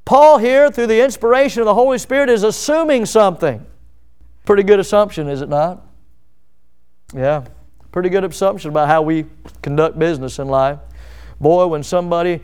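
A man delivers a sermon in a high, smooth, resonant voice. He is emphatic, poses rhetorical questions, and acts out the words of others. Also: brisk, darkish tone. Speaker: pastor.

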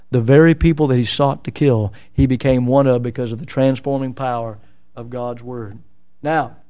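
A man preaching an expository sermon in a church, emphatic and full of rhetorical questions. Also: high voice. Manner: emphatic, rhetorical questions, dramatic voicing of scripture.

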